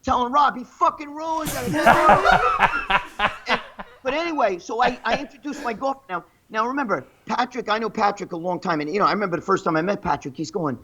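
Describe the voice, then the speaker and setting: A man's voice: high voice, fast talker, few pauses, bright, forceful tone, a little hiss or hum. A man telling rambling, profane stories in casual chat, acting out the people he quotes. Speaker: show guest telling stories.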